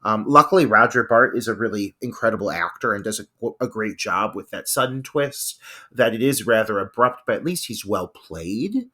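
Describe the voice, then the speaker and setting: Male podcast co-host, bright tone, emphatic and profane, casual film talk. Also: fairly low pitch, animated, moderate pace.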